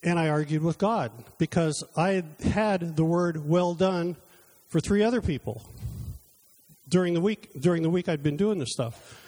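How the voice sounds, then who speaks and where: A man's voice: a little high, moderate pace, warm tone. A man preaching a sermon in a conversational way, telling personal stories and acting out his talks with God, then leading a closing prayer. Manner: conversational, acts out his own exchanges with God.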